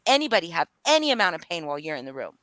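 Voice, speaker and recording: Furious and profane, a woman guest on a live stream vents in a heated confrontation, her voice surging up and down. She talks rapid-fire in a lowish, slightly bright voice with big pitch swings, and there's no room sound.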